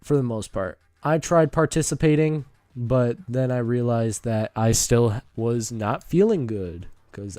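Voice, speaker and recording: Brief: teen male streamer, casual meandering storyteller, warm low-key tone, mid pitch. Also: no echo. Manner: rambling, with many fillers and asides.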